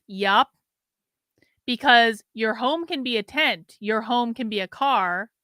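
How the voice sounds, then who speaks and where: Bright, crisp-voiced woman streamer. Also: fairly high pitch, no echo. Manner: sarcastic, talks to chat. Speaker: show host. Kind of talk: livestream commentary.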